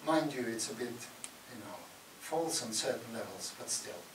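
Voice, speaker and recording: Animated man in a roomy hall. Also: medium pitch, normal speed, distant mic. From Russia. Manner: animated, laughs often, acts out Russian voices loudly. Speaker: guest speaker. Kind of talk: public talk answering audience questions. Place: university lecture hall. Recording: roomy hall recorded from afar with noise.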